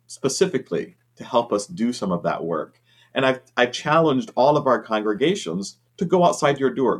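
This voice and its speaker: A man who is a bishop, answering interview questions in an earnest, conversational way with frequent ums. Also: mid-range voice.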